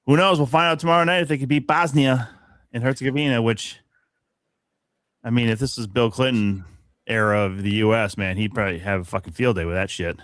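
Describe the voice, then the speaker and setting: A man's voice: mid-range voice, fairly even intonation, a little fast, fairly bright tone, no room sound. Man, podcast co-host, rants and swears freely, laughs a lot, dry mic. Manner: profane, ranting, laughs often. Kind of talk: casual sports chat.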